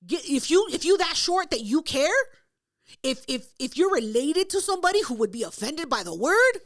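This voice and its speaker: A woman's voice: high-pitched, very animated, normal speed, no room sound, clean studio sound. A woman co-hosting a podcast, telling stories in blunt, profane casual chat. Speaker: podcast co-host.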